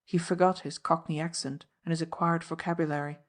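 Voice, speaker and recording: A woman narrating an audiobook in a steady, measured reading. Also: low voice. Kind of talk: scripted narration.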